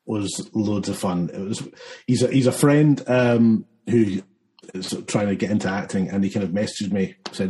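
A man, a filmmaker talking through his film in a relaxed interview, rambling with many fillers and restarts. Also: fairly low pitch, moderate pace, poor audio. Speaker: filmmaker guest. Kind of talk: casual interview chat.

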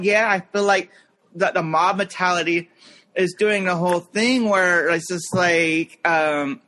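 High, bright-voiced rambling man. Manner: rambling, lots of fillers, mimics people in anecdotes. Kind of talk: casual podcast chat.

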